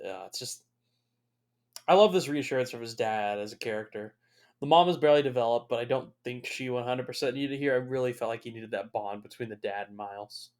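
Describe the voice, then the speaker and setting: A man's voice: medium pitch, brisk, darkish tone. A young man talking through a film as a casual watch-along commentary, swearing freely and reacting with open emotion. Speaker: movie reviewer.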